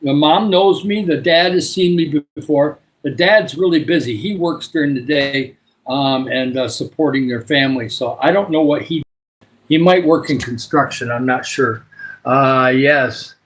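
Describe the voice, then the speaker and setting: A man's voice: fairly high pitch, measured pace, low-quality recording. Chatty Michigan man hosting a livestream. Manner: rambling, many filler uhs. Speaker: livestream host. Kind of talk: casual live chat with viewers.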